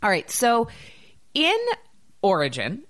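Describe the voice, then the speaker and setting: A woman's voice: medium pitch, sing-song, slow pace, a bit bright, no room sound. A woman in her thirties co-hosting a podcast, chatting in an upbeat, bubbly way. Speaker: podcast co-host. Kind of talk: casual podcast chat. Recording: dry close recording.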